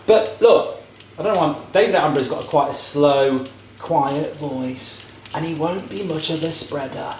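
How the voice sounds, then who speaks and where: This cooking vlogger, a man in his thirties, speaks a little slowly in a slightly high voice, casually rambling through joking, opinionated rants. He's recorded in an echoey home kitchen with frying sizzling and slight background noise.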